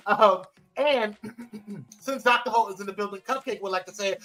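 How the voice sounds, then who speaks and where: Bright-voiced guy hosting a live stream, teasing and playful, soft music under it. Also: normal speed, poor audio. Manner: animated, playful, swoops high when teasing. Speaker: host. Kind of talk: casual live-stream chat.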